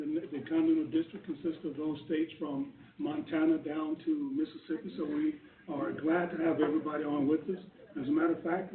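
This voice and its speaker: Halting man moderating over a phone line. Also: fairly high pitch. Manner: hesitant, many fillers and restarts. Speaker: event moderator. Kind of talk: introducing a networking call. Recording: tinny phone line, echoey, far from mic, faint noise.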